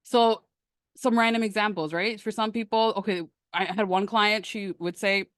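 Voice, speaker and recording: A woman's voice: mid-range voice, steady tone, moderate pace, a bit bright, no echo, clean studio sound. Emphatic woman coaching on a livestream. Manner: emphatic, conversational, answers chat questions. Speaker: manifestation coach. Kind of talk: live-streamed coaching talk.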